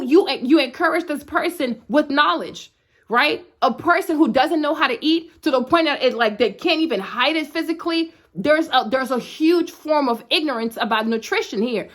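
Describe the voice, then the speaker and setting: A woman's voice: sits high, fairly bright tone. A woman in her thirties talking straight to her viewers in a blunt, emphatic way, often asking "you know what I'm saying". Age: 30s. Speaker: vlogger. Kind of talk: direct-to-camera talk.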